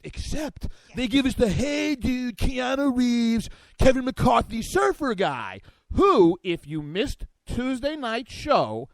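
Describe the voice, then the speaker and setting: A man's voice: high-pitched, no echo, poor audio. A man co-hosting a political talk show, chatting in a theatrical, mocking way. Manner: theatrical, mocking, puts on silly voices. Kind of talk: animated political comedy chat.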